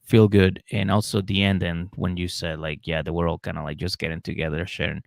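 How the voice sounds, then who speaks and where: A man with a gravelly edge to his voice, recapping a show casually on a podcast. He rambles, repeats himself and jumps into acting out scenes. The recording is close and dry. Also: low voice, level tone, a little fast, dry recording. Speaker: podcast co-host.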